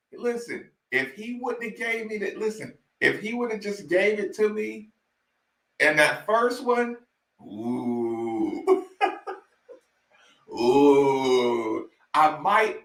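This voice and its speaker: A man hosts a casual chat, laughing often and repeating his lines to the audience. His voice is high and bright, and he talks at an unhurried pace. The sound is roomy and echoey. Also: creaky. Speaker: host reacting to old game footage.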